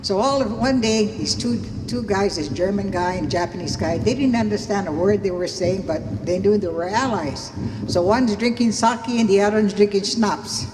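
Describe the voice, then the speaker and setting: At an outdoor beach memorial, a woman guest speaker tells lively stories and a joke over a sound system, animatedly acting out the voices of the people involved. Her voice is mid-range at a moderate pace. The public-address sound is echoey with long reverb and a noisy background.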